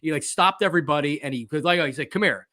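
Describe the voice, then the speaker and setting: A man's voice: a little high, rapid-fire, no echo. A man hosting a casual sports chat, telling stories animatedly and acting out quotes with lots of fillers. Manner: animated storytelling, acts out quotes, frequent fillers. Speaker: podcast host, former sports radio host.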